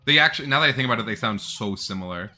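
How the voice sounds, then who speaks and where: A man's voice: mid-range voice, animated, rapid-fire, pushed and bright. A man giving chatty, jokey, casual commentary while playing a video game. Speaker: gameplay streamer.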